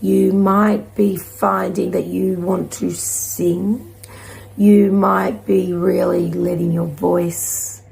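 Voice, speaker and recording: A woman giving a gentle, encouraging spiritual card reading to her viewers, rambling at times. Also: lowish voice, little pitch movement, slow, gravelly. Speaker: intuitive card reader.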